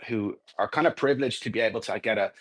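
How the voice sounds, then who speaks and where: A man's voice: lowish voice, rapid-fire. A man on a podcast, a game builder, speaking hesitantly with many fillers. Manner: hesitant, warm, full of fillers. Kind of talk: casual chat.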